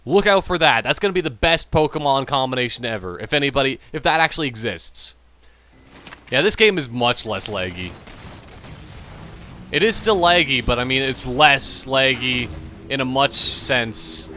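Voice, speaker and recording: Slightly drunk, this gaming channel host rambles through casual commentary over his play, cracking jokes and amusing himself. His voice is medium in pitch with lively intonation and a sharp tone, moving at a normal speed against slight background noise.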